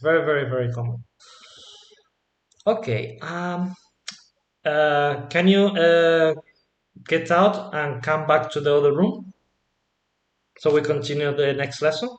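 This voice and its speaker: A man's voice: fairly high pitch, slow pace, pauses often, muffled recording. Easygoing male teacher, roomy sound. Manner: relaxed, prompts often with 'yeah?' and 'ujú'. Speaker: Spanish teacher. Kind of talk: casual online language lesson.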